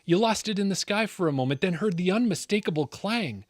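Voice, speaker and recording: A man hosting a podcast, telling a dramatic scripted story with big pauses, then chatting casually with his guest. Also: high voice, animated, no echo. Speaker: podcast host.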